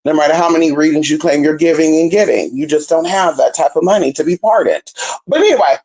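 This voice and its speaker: A Californian woman works as a spiritual reader, chatting casually and sassily with her viewers and calling them baby and girl. She swings from low murmurs up to high squeals, talks fast, and sounds a little mellow.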